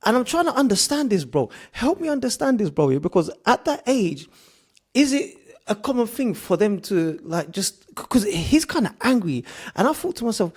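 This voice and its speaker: A man's voice: high voice, sing-song, normal speed, a little mellow, breathy edge. A man, hosting a casual interview in a friendly, stammering way. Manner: friendly, says "bro" a lot, stammers and restarts when musing. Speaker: podcast host.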